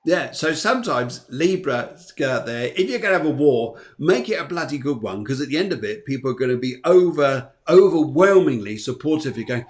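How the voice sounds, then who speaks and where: A man's voice: mid-range voice, expressive, brisk, hardly any pauses. A man hosts a spiritual chat show in a mid-range voice. He talks eagerly, laughs a lot and drops into quoted voices as he riffs. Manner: enthusiastic, laughs often, acts out quoted voices. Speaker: host of a spiritual and astrology show. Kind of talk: casual chat.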